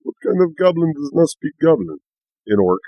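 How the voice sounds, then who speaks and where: A man voicing a brash, dim-witted half-orc who speaks in broken, gruff phrases. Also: fairly high pitch, very animated, normal speed, no echo, muffled recording. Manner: broken gruff speech, stammering.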